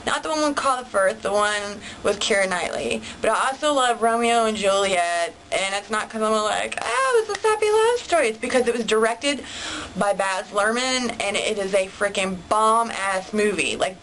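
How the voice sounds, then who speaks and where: A woman's voice: mid-range voice, a little slow, fairly bright tone, slight background noise, poor audio. A young woman, chatting casually to camera in a bubbly, rambling way. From United States. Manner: bubbly, rambling, heavy use of "like". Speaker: vlogger.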